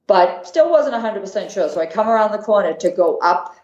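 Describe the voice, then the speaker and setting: A woman with a Boston accent, a podcast guest telling a lively story and acting out her own thoughts. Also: mid-range voice, fairly quick. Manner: animated, acts out her own inner thoughts. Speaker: podcast guest, marathon runner. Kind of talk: casual storytelling. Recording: roomy, dull lo-fi sound.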